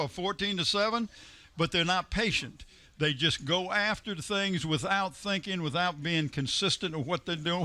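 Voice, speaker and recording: A man commentating a local high school football game in a chatty, folksy way, joking with his partner. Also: sharp tone, no echo. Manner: chatty, folksy, laughs easily. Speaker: sports commentator. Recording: local cable broadcast.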